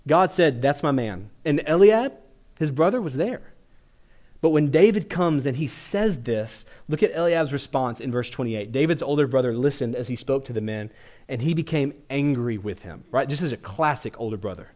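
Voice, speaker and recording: A man with a mid-range voice preaches a sermon. He tells the Bible story in a lively way, acting out each character in casual modern speech. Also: medium pitch, normal speed. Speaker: pastor.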